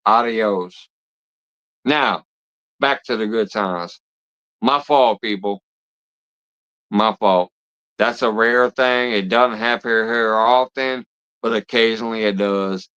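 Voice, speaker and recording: A man's voice: lowish voice, slow, long pauses, a bit bright, smooth, highs cut off. A man hosting a live stream who talks to his viewers bluntly and swears heavily as he scolds them. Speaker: livestream host of a fishing channel.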